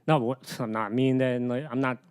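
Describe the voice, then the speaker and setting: Relaxed man chatting loosely. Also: medium pitch, quick pace, clear, resonant tone. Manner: relaxed, rambling, trails off with fillers. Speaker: podcast guest and comedian. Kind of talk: casual chat.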